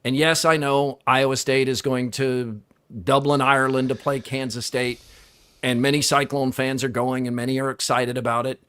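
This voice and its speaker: A man hosting a casual sports talk show, easygoing and opinionated, trailing off quieter at the ends of sentences. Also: medium pitch, level tone, moderate pace, clear, resonant tone.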